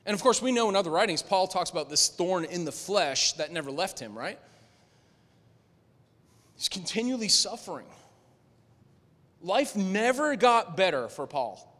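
A man preaching a sermon to a room, rising to loud emphatic lines and dropping to low, quiet asides. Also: big pitch swings, moderate pace, long pauses. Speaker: pastor. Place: large room with a congregation. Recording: echoey hall with long reverb.

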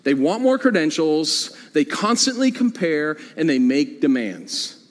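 Animated preaching man in a reverberant hall. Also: on the high side, measured pace. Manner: animated preaching with repeated phrases. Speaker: pastor. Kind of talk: sermon. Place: church sanctuary.

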